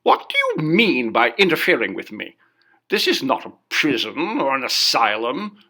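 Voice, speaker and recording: A man voicing a haunted gentleman who speaks fiercely and imperiously. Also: mid-range voice, wildly swooping pitch, normal speed, pitched above the performer's own voice, heavily acted. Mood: furious. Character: haunted, feverish English gentleman.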